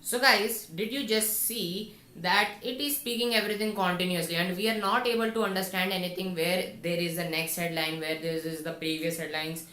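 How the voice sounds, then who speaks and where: A woman's voice: on the low side, steady tone, moderate pace, hardly any pauses, bright, forceful tone. A woman teaching a coding tutorial, thinking aloud and talking viewers through each step of the code. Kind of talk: screen-recorded coding tutorial. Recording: echoey room with faint noise and keyboard typing.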